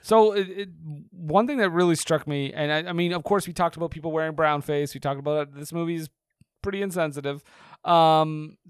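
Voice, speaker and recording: Chatty clear-voiced man reviewing films. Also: fairly high pitch, fairly even intonation, a little fast, no room sound, studio quality. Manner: chatty, self-correcting, laughs often. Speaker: podcast co-host. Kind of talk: casual film review chat.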